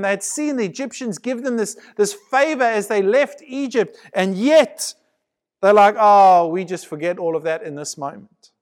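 A man preaching a sermon, retelling a scripture story dramatically and often repeating words as he builds emphasis. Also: very high voice.

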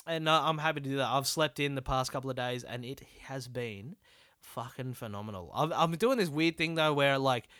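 A man's voice: mid-range voice, pushed and bright, no echo, clean studio sound. A young Australian man hosting a solo comedy podcast, rambling and swearing as he mocks himself. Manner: rambling, sweary and self-deprecating. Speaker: podcast host.

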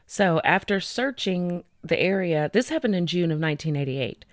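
A woman's voice: on the low side, lively intonation, moderate pace, no room sound, clean studio sound. A woman co-hosting a casual true-crime podcast, relaying news stories from her notes with frequent fillers. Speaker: podcast co-host.

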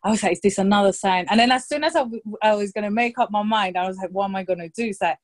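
A woman in her thirties telling a story in casual chat, lively and anecdotal, slipping into quoted voices for the people in it. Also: mid-range voice, racing. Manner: lively anecdotal storytelling, quoting others in brief put-on voices.

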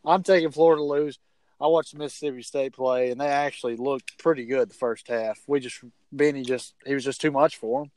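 A man's voice: medium pitch, steady tone, fairly quick, darkish tone, no room sound, low-quality recording. Guy rambling about football picks, mid voice, dry mic. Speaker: podcast co-host. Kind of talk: casual sports picks chat.

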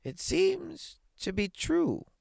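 A man voicing an old, thoughtful astronomer in a storybook reading, slow and wondering. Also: extremely high pitch, huge pitch swings, creaky, darkish tone, dry recording, studio quality, pitched above the performer's own voice, full character voice. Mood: musing.

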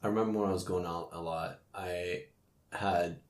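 A man hosting a podcast and doing stand-up, talking in a casual, joking way with animated storytelling and self-mocking banter. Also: sits low, moderate pace. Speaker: podcast host and stand-up comedian. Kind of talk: casual chat. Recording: roomy echo.

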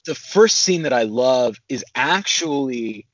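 A man's voice: mid-range voice, expressive, slow, dry recording. Young man, podcast co-host, analytical, many fillers, mid-range voice, dry dull lo-fi sound. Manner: thoughtful, analytical, with frequent fillers. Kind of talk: casual film discussion.

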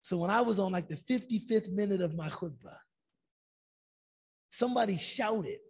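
A man's voice: sits high, normal speed, breathy edge. A man giving an Islamic lecture, telling stories animatedly and acting out quoted lines. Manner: animated storytelling, acts out quotes.

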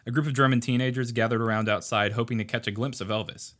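A man's voice: mid-range voice, steady tone, quick pace, fairly bright tone. A man co-hosting a casual podcast who reads passages aloud and explains them steadily. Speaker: podcast co-host.

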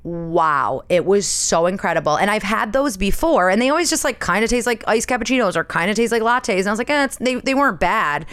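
A woman's voice: mid-range voice, lively intonation, brisk, few pauses, a bit bright, smooth, dry recording. A woman in her thirties, hosting a podcast in a chatty, self-mocking way, with frequent laughs and "like". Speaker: podcast host. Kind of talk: casual chat.

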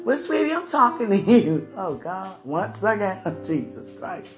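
A woman's voice: medium pitch, sing-song, a little slow, music in the background. A woman talking to the camera in a casual devotional vlog, rambling and affectionate, often breaking into laughter. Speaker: vlogger.

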